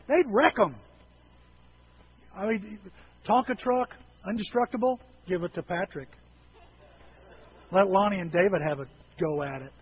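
In a folksy, storytelling manner, a preacher gives a humorous sermon, his voice pitched high for a man. The recording sounds a little dull, with a faint hiss in the background.

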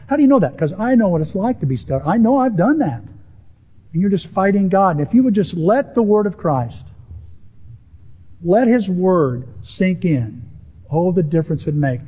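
A pastor preaching a sermon to his congregation in an animated, emphatic way, lifting his voice on key words. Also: sits high, slightly rough. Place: church sanctuary with a congregation. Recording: dull, lo-fi sermon audio.

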